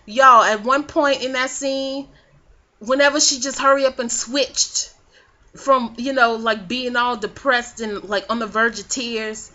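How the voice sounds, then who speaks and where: A woman with a fairly high, bright and forceful voice recaps a reality show in casual, profane gossip. Her sass runs through every line. The recording is dull and lo-fi, like a home webcam. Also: measured pace. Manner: sassy, profane, animated gossip. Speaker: vlogger.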